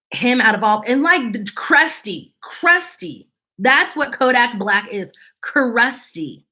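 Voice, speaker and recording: A woman's voice: fairly high pitch, pushed and bright. A woman hosting her channel, talking casually to viewers in an exasperated, sarcastic, opinionated way. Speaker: channel host.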